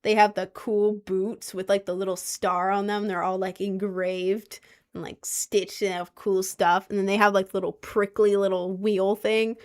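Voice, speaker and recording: A young woman talks casually to her audience in a slow, unhurried way. She rambles and second-guesses herself, filling her speech with likes and restarts. Her voice sits at an ordinary middle pitch. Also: flat delivery, clear, resonant tone. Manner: rambling and unsure, full of "like" and restarts. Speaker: vlogger.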